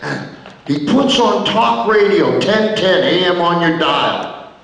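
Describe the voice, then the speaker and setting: A man's voice: high-pitched, expressive, slow, vocal fry, fairly bright tone, slight background noise, heavily acted. An actor on stage playing a veteran male pro wrestler, telling a comic story in punchy, short dramatic beats. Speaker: stage performer. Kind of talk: theatrical storytelling monologue. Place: theater stage. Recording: echoey hall from far off.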